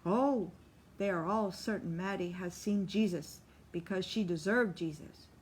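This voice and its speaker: A woman narrating an audiobook in a steady, measured reading voice. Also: on the low side, a little hiss or hum. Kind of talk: scripted narration.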